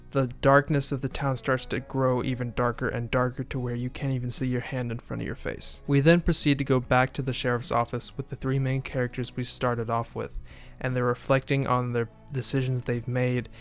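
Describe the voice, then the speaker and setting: A man in a casual spoken recap of a TV episode, talking in a flat, monotone way and sometimes restarting his phrases. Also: mid-range voice, normal speed, faint music behind. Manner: monotone delivery. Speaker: video essayist recapping a TV episode.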